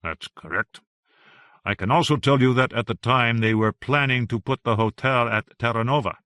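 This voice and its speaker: A man doing a brisk, factual researcher. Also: medium pitch, sharp tone, dry recording, clean studio sound, close to an everyday voice. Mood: businesslike. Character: brisk researcher reporting findings.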